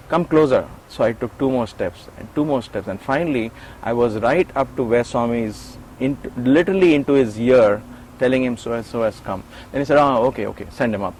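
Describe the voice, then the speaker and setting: Middle-aged man telling an animated story. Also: mid-range voice, a little fast, slight background noise, low-quality recording. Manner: animated storyteller, acts out quoted lines; frequent restarts and repeated words. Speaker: interview guest, former attendant. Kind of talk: storytelling in an interview.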